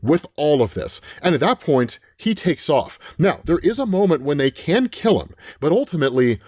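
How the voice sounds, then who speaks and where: A man's voice: a little high, normal speed, no room sound, studio quality. A man hosting a casual comic book recap, talking animatedly and often checking in with the listener. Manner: animated, often adds "right?". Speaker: host.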